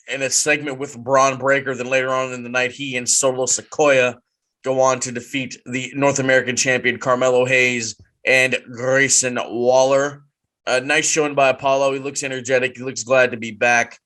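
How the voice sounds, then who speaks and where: A man co-hosts a wrestling podcast, chatting casually at a medium pitch. He's animated and tends to repeat himself once he gets rolling.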